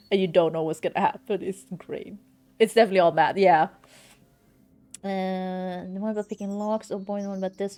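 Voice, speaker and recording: A woman's voice: fairly low pitch, darkish tone. A young woman streaming a video game, chatting casually and reading game text aloud with playful laughs. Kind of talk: casual live game commentary.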